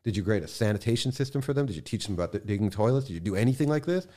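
A man speaking as a podcast guest in casual conversation, impassioned, swearing freely and swinging from quiet to loud bursts. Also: lowish voice, lively intonation, rapid-fire.

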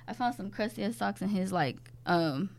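A young woman chatting casually, telling stories with lots of swearing and loud acted-out quotes. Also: medium pitch, normal speed, creaky. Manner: animated, profane storytelling with loud acted quotes. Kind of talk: casual chat.

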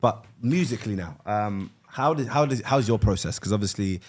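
A man's voice: lowish voice, animated, normal speed, slightly rough. A man with an English accent hosting a casual interview, chatty and loose, with lots of fillers and restarts. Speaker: host.

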